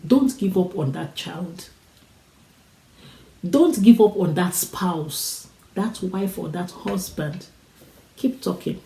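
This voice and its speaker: A gravelly, warm, low-pitched female voice moves slowly through a motivational talk, leaving long pauses. Like a preacher, she keeps urging listeners on with repeated phrases. The recording is low quality and reverberant.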